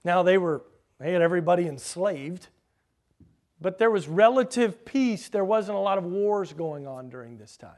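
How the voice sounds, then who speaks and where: High-voiced man preaching a sermon. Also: lively intonation, a little mellow. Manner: teacherly, quizzes the congregation, hammers key words slowly.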